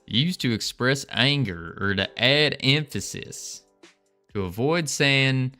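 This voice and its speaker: A man's voice: mid-range voice, lively intonation, takes it slowly, pushed and bright, soft background music. A man on a casual livestream, rambling and thinking aloud with small restarts while he works on code. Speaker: game developer streaming.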